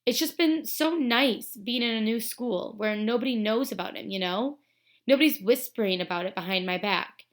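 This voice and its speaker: A woman's voice: on the high side, moderate pace, natural voice. A woman reading aloud and voicing a teenage girl who is defensive and tearful. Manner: tearful, pleading.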